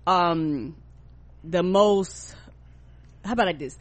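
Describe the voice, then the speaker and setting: A woman from the South, co-hosting a podcast in casual chat and acting out quotes with big pitch jumps. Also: slow pace. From American South. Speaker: podcast co-host.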